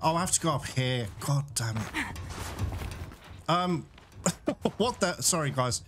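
A man's voice: on the high side, animated, slow pace, over music. A man narrating his video game playthrough to viewers, cursing and laughing when things go wrong. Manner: talks to viewers, swears and laughs when frustrated. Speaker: video game let's player. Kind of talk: live gameplay commentary. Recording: loud game sounds under the voice.

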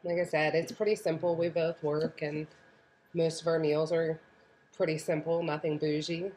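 A woman's voice: low voice, level tone, normal speed, a little mellow. A woman chatting casually at home on a diet vlog, chiming in and laughing easily. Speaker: co-host of a keto vlog channel. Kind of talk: casual chat.

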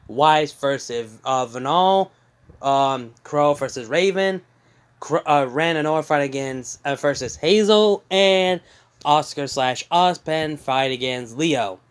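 A man casually retelling a fan story as a channel host, halting with fillers and self-corrections. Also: on the high side, clear, resonant tone.

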